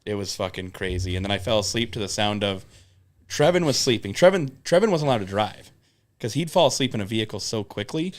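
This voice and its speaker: On a podcast, a young male co-host talks through road stories casually, his voice on the low side and his pace brisk. He's animated, swears freely, and voices the quoted lines himself.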